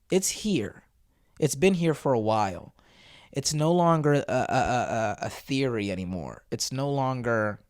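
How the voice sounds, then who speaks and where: A man's voice: mid-range voice, clean tone, no echo. Blunt, dry-sounding male commentator. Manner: blunt, profane, sarcastic. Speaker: host. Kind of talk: commentary on a video clip.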